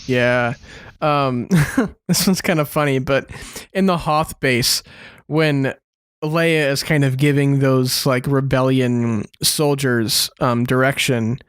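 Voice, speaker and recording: A man's voice: medium pitch, steady tone, takes it slowly, clear, resonant tone, no room sound, studio quality. A man hosting a podcast in casual chat, enthusiastic and laughing as he tells stories. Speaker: podcast host.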